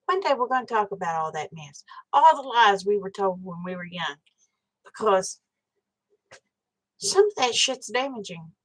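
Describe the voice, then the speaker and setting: A woman's voice: medium pitch, very animated, normal speed, fairly bright tone, rough recording. A woman, hosting a live stream and telling a story in a frank, chatty way, swearing casually and talking straight to her viewers.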